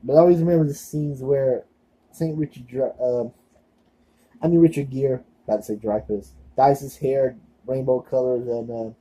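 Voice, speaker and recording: Young guy rambling on his vlog, lots of uh's, really dark husky voice. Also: mid-range voice, low-quality recording. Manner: rambling, filler-heavy, self-deprecating. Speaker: vlogger. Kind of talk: casual rambling video monologue.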